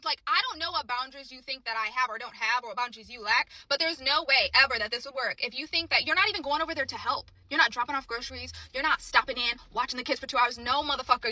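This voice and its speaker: A woman's voice: high-pitched, bright, forceful tone, no room sound. A young woman telling a relationship story to camera in a blunt, indignant way, swearing freely.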